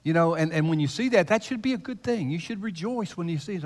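A male pastor giving a conversational, teasing sermon in a church, his voice swinging between loud emphasis and hushed asides. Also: high-pitched, animated, fast. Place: church sanctuary. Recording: long reverb of a large hall.

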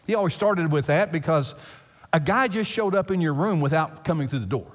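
A man preaching a sermon as pastor, emphatic and animated, repeating phrases for effect. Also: fairly high pitch, a little fast. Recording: long hall reverb.

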